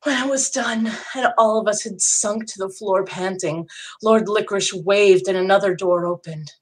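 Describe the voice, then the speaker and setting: A woman's voice: mid-range voice, normal speed. A woman narrating a first-person fantasy story in an intimate, dramatic reading style.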